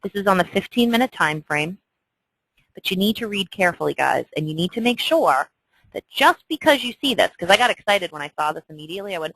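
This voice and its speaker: A woman teaching a trading lesson in a chatty way, walking through a chart and checking in often with "okay?", with excitable asides. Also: medium pitch, fast, breathy edge, dry recording, low-quality recording. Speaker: trading instructor. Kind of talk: screen-share lesson walkthrough.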